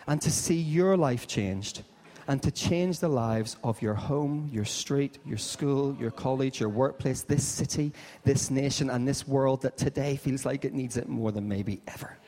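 A man's voice: medium pitch, measured pace. A man, a pastor giving an Easter sermon, telling stories animatedly and acting out the dialogue. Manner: animated storyteller, acts out dialogue. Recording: long hall reverb.

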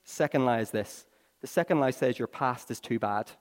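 A man's voice: mid-range voice, normal speed. Man preaching in a reverberant hall. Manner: storytelling, swinging from hushed to excited. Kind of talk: sermon. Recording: long reverb of a large hall.

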